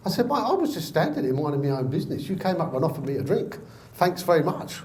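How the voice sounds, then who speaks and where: A male comedian telling a stand-up anecdote, acting out the dialogue in a deadpan way. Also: fairly high pitch, quick pace, slight background noise. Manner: deadpan storyteller, acts out dialogue. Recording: echoey room.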